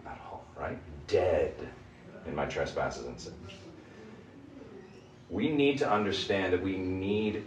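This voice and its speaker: A man's voice: low-pitched, a little hiss or hum. Emphatic man leading a Bible study. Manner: animated, emphatic, asks the group questions. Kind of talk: interactive Bible teaching. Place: room with a small group. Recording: echoey room, mic at a distance.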